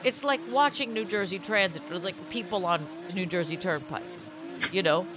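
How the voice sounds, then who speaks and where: A woman co-hosting a podcast, telling stories in an excitable, goofy, casual chat. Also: lowish voice, moderate pace, background noise. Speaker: podcast co-host.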